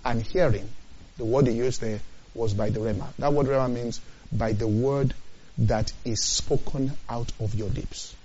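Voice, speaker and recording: A man preaching a sermon, quoting scripture slowly and often checking whether his listeners understand. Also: medium pitch, fairly even intonation, dark tone, dull audio. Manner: emphatic, repeats phrases, asks the listeners questions; quotes scripture in a slow, deliberate cadence.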